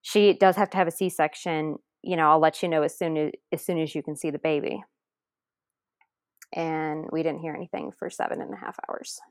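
A woman's voice: deep voice, fairly even intonation, normal speed, no echo, clean studio sound. A woman guest in an interview, earnestly recounting a personal story and re-enacting what others said, audibly emotional.

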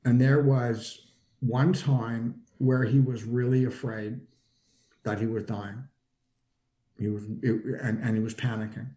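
Mellow-voiced man telling a story haltingly. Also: steady tone. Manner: halting, full of repeated restarts; acts out quoted lines with shifts in pitch. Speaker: guest recounting personal experience. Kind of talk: conversational storytelling.

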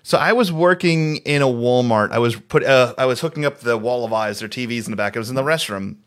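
A man's voice: medium pitch, quick pace, a bit bright. A man co-hosting a podcast, telling a rambling story with swearing and stumbles. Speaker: podcast co-host. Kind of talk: casual chat and anecdote.

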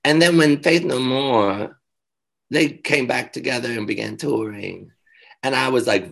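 A man telling stories as an interview guest, animated and laughing, with frank, profane asides. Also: mid-range voice, a little slow, creaky. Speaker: guest performer. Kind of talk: casual interview storytelling.

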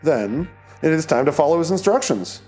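A man voicing a calm, menacing male cult leader in an audiobook, speaking in a slow, soothing, coldly controlled way. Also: on the high side, faint music behind, pitched above the performer's own voice.

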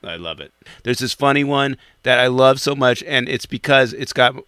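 Laughing animated podcast host. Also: male voice, medium pitch, normal speed, over loud music. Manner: laughing often, animated, stammering restarts. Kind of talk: casual chat.

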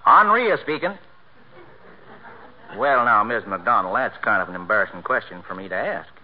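A man's voice: on the low side, quick pace, close to an everyday voice. An actor playing a folksy, joking small-town male tailor in 1940s radio comedy, with a drawling, homespun way of talking. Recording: muffled old radio transcription.

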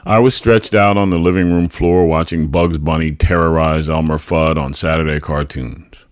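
A man hosts a podcast where he reads a family memoir, telling it theatrically and acting out quotations at full volume. His extremely low voice has fairly even intonation and a normal speed, recorded in a studio with no echo.

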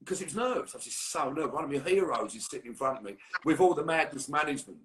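A man's voice: on the high side, animated, fast, a bit bright, roomy sound, a little hiss or hum. Middle-aged man telling anecdotes. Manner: swearing storyteller, rambling anecdotes. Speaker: guest musician. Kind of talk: casual podcast chat.

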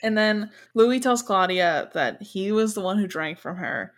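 A woman with an everyday, mid-range voice. She co-hosts a podcast and chats casually, musing out loud and peppering her talk with "like" and "you know.". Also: mid-range voice, lively intonation, measured pace. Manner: chatty, filler-heavy, speculative. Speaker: podcast co-host. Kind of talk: casual recap chat.

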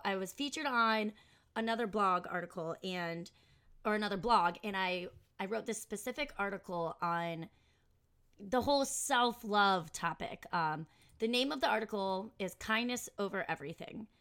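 A woman's voice: on the high side, pushed and bright. Chatty woman hosting a self-help podcast. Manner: chatty, rambling, laughs at herself. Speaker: podcast host. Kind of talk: casual podcast monologue.

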